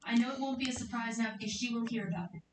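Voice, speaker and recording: A woman's voice: fairly high pitch, racing, reverberant, far from the mic, noisy background. A woman streamer chatting casually to her viewers, rambling and giggly as she talks about her plans. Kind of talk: casual chat.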